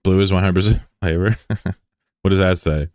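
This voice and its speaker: Deep-voiced sarcastic young man streaming. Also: fairly even intonation, normal speed, a little mellow, no echo, studio quality. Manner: joking, sarcastic, rambling. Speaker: game streamer. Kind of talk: casual livestream chat.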